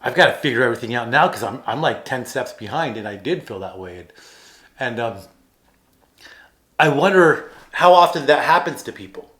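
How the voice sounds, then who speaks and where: A man's voice: medium pitch, animated, moderate pace, pushed and bright. A man in his thirties, co-hosting a podcast in casual chat, telling rambling, self-deprecating stories with plenty of fillers and restarts. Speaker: podcast co-host.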